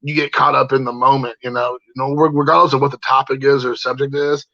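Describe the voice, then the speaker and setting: A man talks through a personal story in a loose, casual monologue, stopping often for "uh" and restarting his sentences. His voice has a bright, forward edge, and the sound is dry and a little dull. He stays at an ordinary pitch for a man. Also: level tone, fast, gravelly, no echo. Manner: rambling, many fillers and restarts. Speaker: parent telling a personal story.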